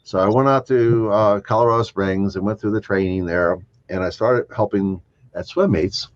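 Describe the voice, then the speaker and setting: An older man, a chiropractor guest, telling lively anecdotes in an interview, acting out the other people in his stories and chuckling along. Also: fairly low pitch, normal speed, dry recording. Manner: animated anecdotes, acting out quoted voices, chuckling. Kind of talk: storytelling interview. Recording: dull lo-fi dry sound.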